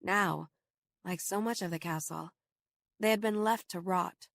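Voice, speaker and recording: A woman reading a first-person horror novel aloud in steady, measured audiobook narration. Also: fairly low pitch, creaky, no room sound.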